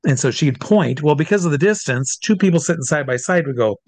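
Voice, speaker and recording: Man, stage hypnotist guest, lively storyteller, slightly high pitch, dry close sound. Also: a little fast, dry recording. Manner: animated, acts out quotes of others. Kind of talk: storytelling in a conversational interview.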